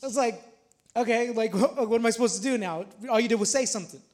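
Male pastor, thirties, very high voice; casual sermon that builds by repetition, small church. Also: quick pace, a little mellow. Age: 30s. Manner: casual, repeats himself, builds to emphatic points. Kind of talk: conversational sermon.

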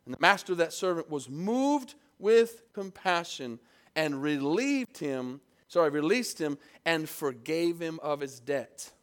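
A man preaching a sermon in church, reading scripture and calling out to the congregation, swinging from emphatic peaks to quiet asides. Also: fairly high pitch, very animated, unhurried. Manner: preaching with call-and-response, rising to emphatic peaks and dropping to soft asides. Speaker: pastor. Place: church service.

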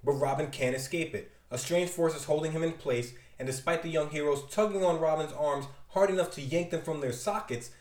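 A man's voice: on the high side, a little fast, few pauses, darkish tone. A man recapping and reviewing a comic book issue with enthusiasm and wry asides. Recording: roomy echo.

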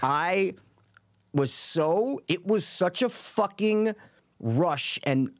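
A man with a slightly raised pitch tells a story in an animated, casual way. He curses freely. The mic sounds close and dry, with no room echo. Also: extremely slow. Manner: animated, swears freely, acts out quotes. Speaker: podcast co-host telling a poker story.

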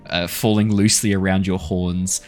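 A man's voice: low voice, little pitch movement, normal speed, faint music behind. A man narrating as dungeon master, telling the scene loosely and playfully with frequent laughs. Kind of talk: narrating a tabletop game.

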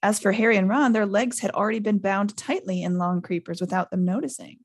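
A woman hosting a podcast, reading a novel aloud in a lively way. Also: medium pitch, a little fast. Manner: lively, laughs often. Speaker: podcast host.

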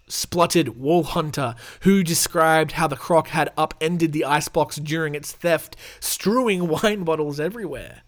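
A man's voice: fairly high pitch, measured pace, hardly any pauses. Give me a sarcastic, rambling Australian male podcast host who reads the news with snarky asides. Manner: sarcastic, rambling, swears freely. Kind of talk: casual podcast chat and news reading.

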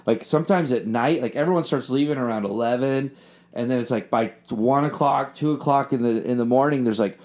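A man's voice: medium pitch, fairly quick, darkish tone. A man in a casual chat, talking about filmmaking and his songwriting with loose, rambling storytelling full of fillers and restarts.

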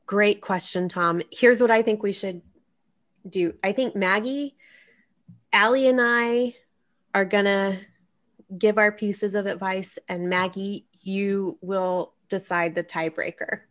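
A woman with a mid-range voice, taking her time, hosts a casual, comedic advice podcast recorded on a studio microphone. She tells stories animatedly and swears freely.

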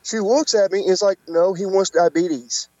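Guest: man, casual teller, raised voice, lively pitch jumps for quoted people, dry lo-fi sound. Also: normal speed, no echo. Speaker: podcast guest, wrestler. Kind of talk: casual storytelling. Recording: dull lo-fi podcast audio.

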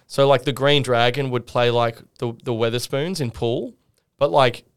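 A young Australian man telling a pub story on a podcast, animated and laughing, acting out the people in it. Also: medium pitch, normal speed, smooth. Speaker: podcast guest. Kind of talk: casual storytelling.

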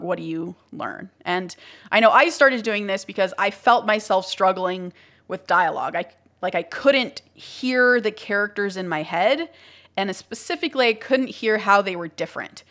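A woman's voice: medium pitch, animated, normal speed, fairly bright tone. Chatty woman podcast host, laughing often. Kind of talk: casual podcast chat.

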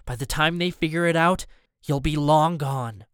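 A man playing a helpful young galley worker, casual and pressed for time, his voice a touch high. The tone is smooth and the audiobook recording is dry. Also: no room sound, natural voice. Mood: hurried. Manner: casual and hurried.

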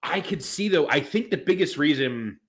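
Animated man rambling about wrestling. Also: a little high, moderate pace. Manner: rambling, lots of fillers and restarts. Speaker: podcast co-host. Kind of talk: casual wrestling podcast chat.

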